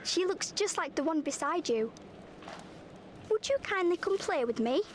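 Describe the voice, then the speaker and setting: A high, creepy little colonial girl, sing-song, with clear game ambience behind. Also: lively intonation, normal speed, noisy background. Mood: eerie. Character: eerie little colonial girl, strange old accent.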